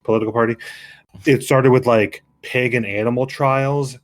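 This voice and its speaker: A man's voice: mid-range voice, fairly even intonation, moderate pace. A young man co-hosting a casual late-night game podcast, rambling with lots of restarts and easy laughter. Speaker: podcast co-host.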